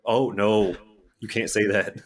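A man's voice: on the low side, fairly even intonation, measured pace. A man co-hosting a podcast, mostly chiming in with short, dry reactions and quips. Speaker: podcast co-host. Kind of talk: casual chat.

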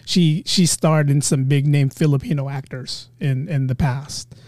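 Podcast host, male, dark mellow tone, dry close sound, chatty and eager. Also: on the high side, steady tone, a little slow, no room sound. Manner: chatty, enthusiastic, many fillers. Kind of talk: casual interview chat.

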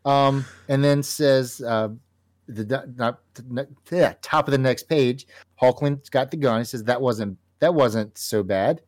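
A man co-hosting a casual comic book talk show, animated and laughing often as he reads panels aloud. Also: medium pitch, measured pace. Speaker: podcast co-host.

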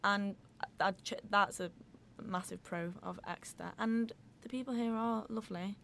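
A woman's voice: medium pitch, fairly even intonation, normal speed, creaky, a bit bright, a little hiss or hum. A young woman with a northern English accent, a student chatting as a podcast guest in a bubbly, opinionated and playful way. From northern England. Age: young adult. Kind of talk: casual chat.

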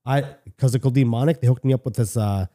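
Talking fast in a warm, mid-range voice, a middle-aged man from Canada shares a personal story as a guest on a podcast. He speaks candidly and casually, with plenty of swearing and many restarted sentences.

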